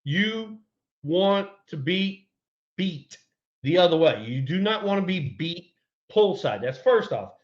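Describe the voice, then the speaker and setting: A man's voice: high-pitched, animated, slow, dull audio. Heated profane man telling a story. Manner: heated, profane, acts out his own shouting. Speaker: podcast co-host, former baseball player. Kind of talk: casual sports storytelling.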